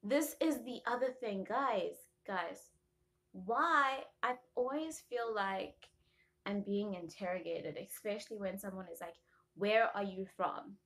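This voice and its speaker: A woman's voice: mid-range voice, unhurried. Chatty young woman vlogger. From South Africa. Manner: chatty, animated storyteller prone to tangents and laughs. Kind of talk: casual chat to camera.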